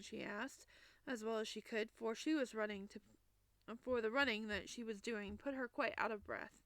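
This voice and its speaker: Bright-voiced woman reading a storybook. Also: fairly high pitch, moderate pace, dry recording. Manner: lively narration with small restarts. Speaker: storybook reader. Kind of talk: reading a classic children's book aloud.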